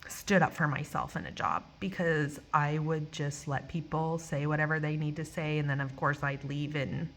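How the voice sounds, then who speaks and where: Chatty woman vlogger, slightly low voice. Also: normal speed, hardly any pauses. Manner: animated, acts out quoted voices, swears; emotional, near tears at times. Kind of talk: casual personal storytelling.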